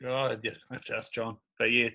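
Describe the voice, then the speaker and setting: A man's voice: medium pitch, level tone, fairly quick, creaky, sharp tone. A man hosting a podcast, asking easygoing questions and laughing often. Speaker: podcast host. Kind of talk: casual interview chat.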